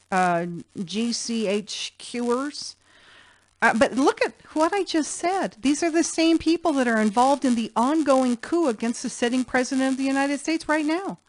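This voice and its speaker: A woman's voice: a little high, no echo. Emphatic, rambling former flight attendant woman. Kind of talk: monologue.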